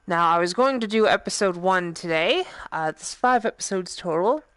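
Woman, Boston accent, let's-play commentary, swings all over in pitch, dry close sound, cursing and excitable. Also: moderate pace, clear, resonant tone, no room sound. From Boston, USA. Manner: profane, excitable, thinking aloud. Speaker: VR game streamer.

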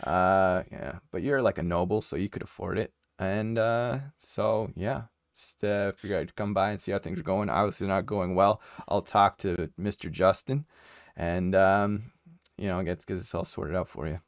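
A man's voice: low-pitched, fairly even intonation, normal speed, creaky, no room sound, studio quality. A man playing a tabletop game, talking in character casually and hesitantly with many fillers. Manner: hesitant, many ums and uhs. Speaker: player.

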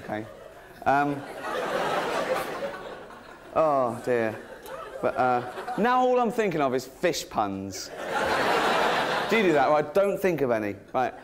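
Cheeky stand-up comic, middle-aged, giggly asides, noisy live stage recording. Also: male voice, mid-range voice, very animated, takes it slowly, long pauses, crowd noise. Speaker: stand-up comedian. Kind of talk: stand-up comedy routine. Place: comedy stage before an audience.

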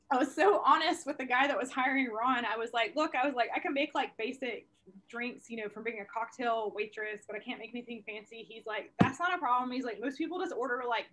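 Animated, profane woman telling stories. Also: a little high. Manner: animated, profane, laughing storyteller. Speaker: comedian guest. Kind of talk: casual storytelling interview. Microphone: video call.

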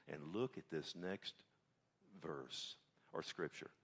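A man's voice: very deep voice, sing-song, slow pace, breathy edge. A male pastor preaching a folksy, conversational sermon and often checking in with his congregation. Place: church sanctuary.

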